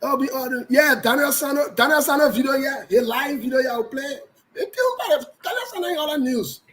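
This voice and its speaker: High-voiced Liberian man hosting a live show. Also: fast, fairly bright tone, rough recording. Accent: Liberian English. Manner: greets viewers by name, loose and joking. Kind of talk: casual livestream chat.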